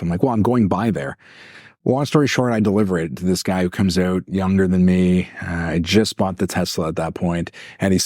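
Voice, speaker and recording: A man co-hosting a podcast as a life coach, telling a long story in an animated way, acting out voices and laughing often. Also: low-pitched, dry recording, clean studio sound. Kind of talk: casual storytelling chat.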